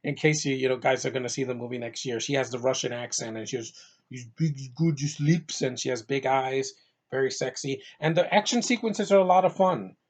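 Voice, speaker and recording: A man's voice: mid-range voice, a little fast. A man giving a casual movie review on his channel, enthusiastic and rambling, with lots of fillers and restarts, sounding a little tired.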